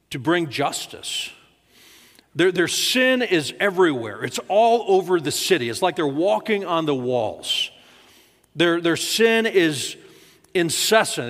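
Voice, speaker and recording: A man preaching a sermon as pastor, talking in a relaxed conversational way. He often repeats words and acts out the quoted lines with a rising voice. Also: a little high, long reverb tail. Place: church sanctuary.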